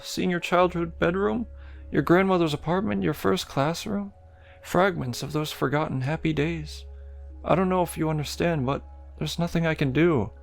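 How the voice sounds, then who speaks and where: A high, soft girl spirit, put on by a man, gently pleading and sweetly sad. She sounds lonely and eerie as she tries to keep a visitor with her. The voice carries a slight gravelly edge underneath.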